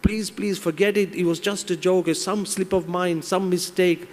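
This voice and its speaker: A man's voice: medium pitch, a little slow, natural voice. A man playing a sly, wheedling fable man. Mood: pleading. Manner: wheedling, pleading. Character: scheming cowardly man in a fable. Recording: long reverb in large hall.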